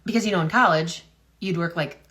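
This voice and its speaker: A woman's voice: on the low side, fairly quick, a bit bright. A woman talking casually to her viewers in a vlog, rambling and wondering aloud with lots of fillers and restarts. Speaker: health and business content creator. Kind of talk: casual talk-to-camera vlog.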